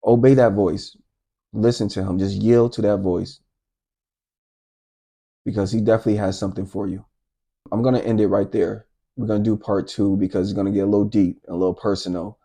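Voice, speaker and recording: A middle-aged man telling a personal faith testimony in a casual, animated way, talking straight to his viewers. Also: on the low side. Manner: animated, addresses viewers directly. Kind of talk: casual storytelling to camera.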